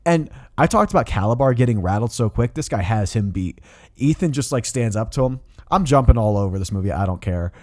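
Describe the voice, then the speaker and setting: A man's voice: medium pitch, animated, a little fast, darkish tone, dry recording, studio quality. A young man co-hosting a casual film review podcast, blunt and critical, swearing freely as he rants. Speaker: podcast co-host.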